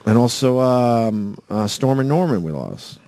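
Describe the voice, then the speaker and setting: A man's voice: mid-range voice, lively intonation, unhurried, mellow, no echo. A man co-hosting a radio show in a studio, chatting casually and reading news items aloud. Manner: casual, conversational, reads stories aloud.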